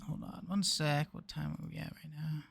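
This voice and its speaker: Gravelly young man muttering through a game. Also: a little high, flat delivery, normal speed, fairly bright tone, soft background music. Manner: thinking aloud, muttering. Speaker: gaming video creator. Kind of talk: casual let's play commentary.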